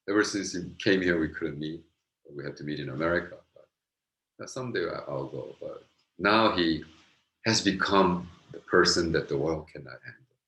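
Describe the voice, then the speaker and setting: Deep-voiced pastor preaching. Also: male voice. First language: Korean. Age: middle-aged. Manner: animated, earnest, swings from loud emphasis to soft asides. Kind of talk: Bible lecture sermon. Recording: roomy echo.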